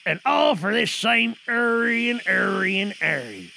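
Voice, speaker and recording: Man voicing a casual actor, drawling pirate growl, gravelly, easygoing. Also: high-pitched, animated, a little slow, sharp tone, a little hiss or hum, exaggerated voice. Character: laid-back male actor playing a growling pirate captain. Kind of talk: comedic sketch acting.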